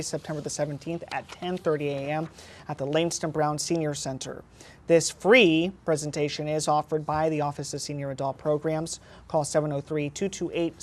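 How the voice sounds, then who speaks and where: A woman co-hosting a local news show, reading announcements in a measured way. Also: low-pitched, a little mellow.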